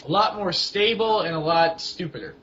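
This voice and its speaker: A young man co-hosting a casual wrestling chat, rambling and halting, with lots of fillers and restarts. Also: sits high, a bit bright. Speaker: co-host of a wrestling blog. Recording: dull lo-fi home recording with faint hiss.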